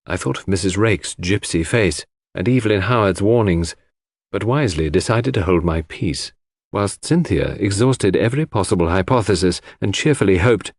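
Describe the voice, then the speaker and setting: A man reading a classic mystery aloud in measured, expressive narration. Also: low voice, dry recording, studio quality. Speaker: audiobook narrator.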